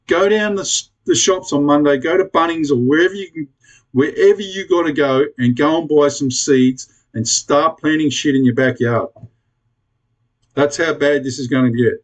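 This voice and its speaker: A man's voice: a little high, muffled recording. An Australian man ranting bluntly to camera in a casual vlog, swearing freely and pleading with his viewers. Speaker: prepper vlogger.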